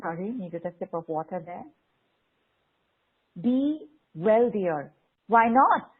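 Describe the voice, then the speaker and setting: Woman, spiritual teacher, slow coaxing affirmations, husky voice, phone-like call audio. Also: medium pitch, expressive. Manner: slow, repetitive, coaxing, reads out participants' messages. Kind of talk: guided affirmation session. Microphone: online video call.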